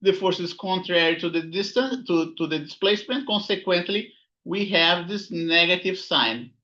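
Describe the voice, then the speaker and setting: A man with a high-pitched, sharp voice and lively intonation teaches at a moderate pace, recorded in lo-fi sound. The physics instructor works through notes as he writes during a recorded lecture, repeating key words and checking in with "right?" and "here you go".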